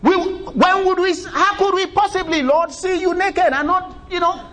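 A preacher acting out condemned people who plead with the Lord in a high, wailing voice. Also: male voice, fairly even intonation, normal speed, sharp tone. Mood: pleading, incredulous.

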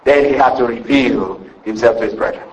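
A man preaches a sermon, retelling a scripture story in a rambling, conversational way, with lots of fillers and repeated calls for the congregation to say "Amen." His medium-pitched voice is brisk with a darkish tone, and the highs are cut off.

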